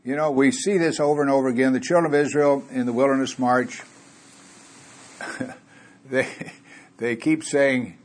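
A man with a somewhat husky, breathy voice delivers a sermon in a relaxed, conversational way. He drifts between loud and soft passages, puts rhetorical questions to the room and chuckles at his own asides. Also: medium pitch, moderate pace. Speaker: preacher. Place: church.

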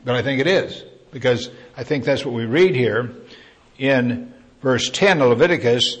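A man's voice: medium pitch, a little slow. A man preaching a sermon in a conversational teaching style, asking his listeners questions and lifting his voice on key words. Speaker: pastor.

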